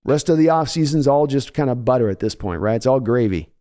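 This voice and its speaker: Joking, animated male sports host. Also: medium pitch, fairly quick, clear, resonant tone. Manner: joking, animated, thanks viewers by name. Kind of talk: casual livestream chat.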